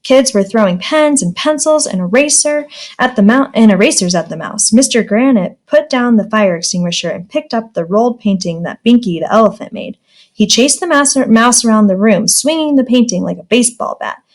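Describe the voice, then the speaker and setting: A woman's voice: on the high side, lively intonation, normal speed. A woman teacher reading a children's storybook aloud in a friendly, plain manner.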